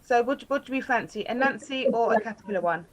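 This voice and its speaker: A woman's voice: a little high, animated, fast. A woman interviewing a storyteller, hesitant and full of fillers.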